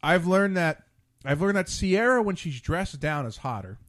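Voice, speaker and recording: A man's voice: high-pitched, animated, normal speed, fairly bright tone. Rambling male talk-show host. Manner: rambling, restarts and tangents. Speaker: podcast host. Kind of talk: casual late-night chat.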